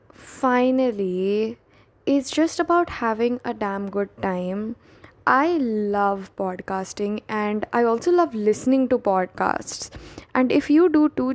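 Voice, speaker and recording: A young woman, hosting her own podcast in a candid, chatty, self-deprecating way with quick restarts. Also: mid-range voice, a little mellow, no echo. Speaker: podcast host. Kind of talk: casual solo podcast talk.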